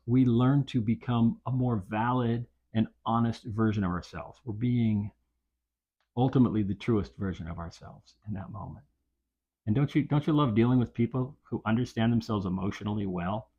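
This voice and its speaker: Guy doing a self-help podcast, earnest and repeats himself a lot, husky mellow voice. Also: medium pitch, lo-fi sound. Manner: earnest, repetitive, emphatic. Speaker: podcast host. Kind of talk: reflective self-help talk.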